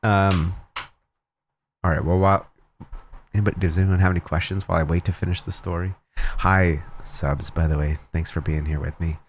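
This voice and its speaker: Low-voiced man telling a rambling story. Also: fairly even intonation, moderate pace, pauses often, a little hiss or hum. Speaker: cosplayer streamer. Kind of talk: casual livestream chat.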